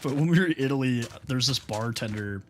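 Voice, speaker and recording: A man's voice: medium pitch, a little fast, noisy background. An American man streaming a game while chatting casually, telling loose stories peppered with "like" and "bro". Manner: loose storytelling full of "like" and "bro". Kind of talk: casual chat while gaming.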